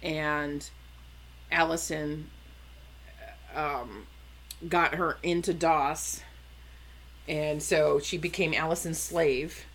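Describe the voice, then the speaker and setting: A woman chatting casually on a podcast, recounting a story in halting bits with fillers and restarts. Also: low voice, steady tone, a bit bright. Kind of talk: casual chat.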